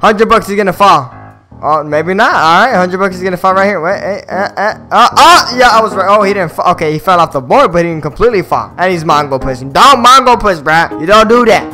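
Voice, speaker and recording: A man giving live, slangy gameplay commentary, excitable and prone to loud outbursts. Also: sits high, fairly quick, faint music behind. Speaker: gaming video host.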